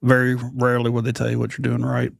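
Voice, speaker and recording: A middle-aged American podcast host, being interviewed, tells a rambling, self-deprecating story and acts out other people's voices. His medium-pitched voice is creaky and monotone, his pace quick, and the studio-quality recording has no echo.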